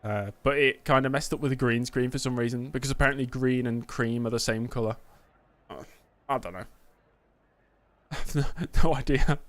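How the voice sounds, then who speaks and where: A man's voice: mid-range voice, fairly even intonation, moderate pace, pauses often, fairly bright tone, dry recording. A man livestreaming a racing game, bantering with chat in a mock press conference and calling viewers mate. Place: indoor streaming setup with green screen.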